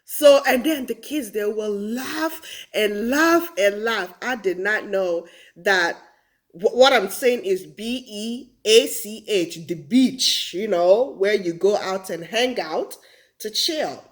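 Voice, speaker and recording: Animated Nigerian woman telling stories. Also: medium pitch, slow. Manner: animated, laughs often, acts out quotes. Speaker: vlogger. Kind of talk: casual storytelling vlog.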